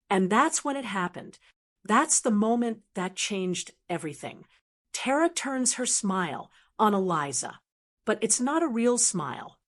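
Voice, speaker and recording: A woman's voice: medium pitch, big pitch swings, unhurried, a bit bright. An older woman narrating a first-person family story in a reflective, emotional way.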